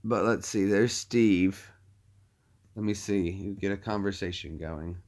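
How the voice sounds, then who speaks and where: A man's voice: sits low, unhurried, darkish tone. A man hosting a casual livestream from his phone, rambling and often restarting his sentences. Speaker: livestream host.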